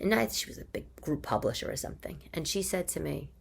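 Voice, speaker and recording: There's slight background noise as a podcast host with a heavy New York accent, a woman in her forties, riffs in her living room, chatty, annoyed and quick with jokes. Her low, gravelly voice moves at a quick pace with lively intonation.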